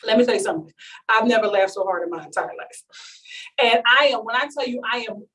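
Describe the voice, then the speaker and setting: A woman telling a story to a live audience in an animated, comic way, acting out what each person said. Her voice sits a bit high. She is picked up by a mic some way off at the event. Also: fast, distant mic, low-quality recording. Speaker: speaker at a launch event.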